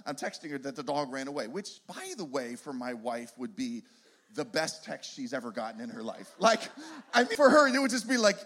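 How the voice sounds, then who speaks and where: A man's voice: on the high side, big pitch swings, brisk, a bit bright. A middle-aged man speaking to a live audience, telling a humorous, self-deprecating story with many restarts and asides. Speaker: youth ministry speaker.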